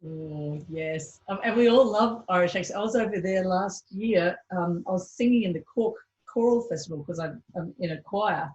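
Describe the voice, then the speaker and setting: A woman's voice: fairly low pitch, normal speed, hardly any pauses, darkish tone, poor audio. A woman with an Australian accent, hosting a casual interview in a friendly, chatty way. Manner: friendly, chatty, laughs easily. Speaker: host, interviewer.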